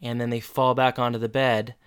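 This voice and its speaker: A man co-hosting a casual podcast, retelling scenes in a relaxed way. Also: medium pitch, brisk, clean tone. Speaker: podcast co-host. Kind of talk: casual chat recapping a show.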